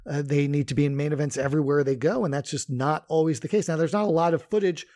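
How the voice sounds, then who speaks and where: A man's voice: on the high side, fairly even intonation, fast talker, mellow. A man co-hosting a casual podcast, talking in a conversational way with many fillers and restarts. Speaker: podcast co-host. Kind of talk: casual podcast chat about wrestling history.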